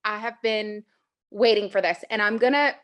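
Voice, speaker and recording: A woman talking as a client in a casual chat, eager and halting, stumbling over her words. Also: mid-range voice, a bit bright. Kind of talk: casual conversation.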